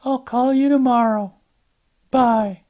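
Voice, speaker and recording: A man voicing a weary young woman who is drained and exasperated, speaking in a strained falsetto. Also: fairly even intonation, takes it slowly, warm tone, dull audio.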